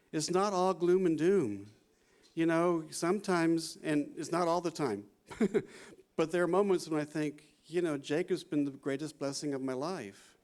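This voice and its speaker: A man in his sixties gives a conversational conference talk as a psychology professor, often adding "you know" and "right?" and laughing. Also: a little high. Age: 60s. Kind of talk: conference lecture.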